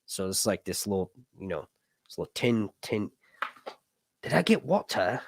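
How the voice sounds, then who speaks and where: A man's voice: on the low side, sing-song, normal speed, breathy edge, no room sound, studio quality. A man hosting a casual livestream chat, rambling with lots of fillers and jokes. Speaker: host.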